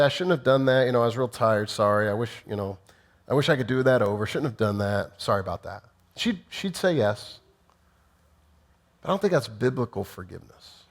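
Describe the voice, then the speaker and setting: Middle-aged male pastor, earnest and plainspoken, acts out sample apologies in his sermon. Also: a little high. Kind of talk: teaching sermon.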